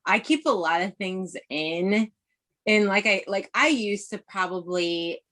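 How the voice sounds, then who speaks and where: A woman's voice: medium pitch, measured pace, a bit bright. A woman in her thirties, a podcast guest, talking candidly in casual chat and rambling with many fillers.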